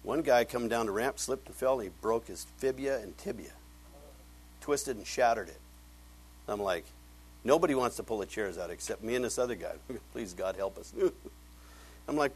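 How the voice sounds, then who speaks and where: A middle-aged male pastor telling a story in a sermon, animated, acting out conversations and laughing often. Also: on the low side, normal speed, long pauses, husky, poor audio.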